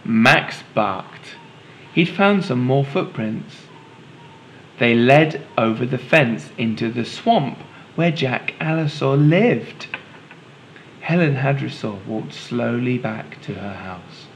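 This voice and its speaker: Brief: male teacher reading aloud to children, unhurried, lively pitch, patient. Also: slight background noise, rough recording. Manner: patient, explains to young listeners. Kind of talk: children's storybook read-aloud.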